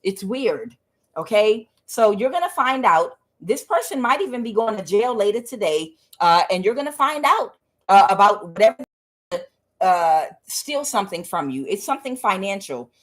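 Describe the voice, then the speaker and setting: Woman, tarot reader, excitable, casual swearing, mid-pitched voice. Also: moderate pace. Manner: excitable, swings from low mutters to loud bursts; swears casually, addresses viewers as guys and y'all. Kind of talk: tarot reading to a channel audience.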